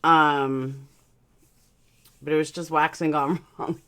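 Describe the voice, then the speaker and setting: A woman with a low, slightly bright voice speaks slowly with little pitch change while hosting a casual live stream. She chats bluntly and reads out her chat, with a slight lisp from dental aligners.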